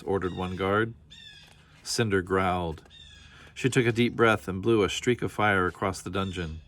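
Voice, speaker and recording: A man reading a children's storybook aloud with steady, expressive storytelling. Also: low-pitched, normal speed. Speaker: storybook reader.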